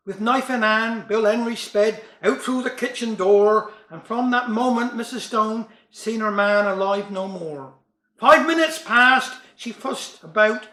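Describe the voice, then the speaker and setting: Guy reciting funny poems, wry, bright high voice, echoey room. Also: a little slow. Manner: broad dialect, wry delivery. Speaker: storyteller. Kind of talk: reciting comic verse and jokes.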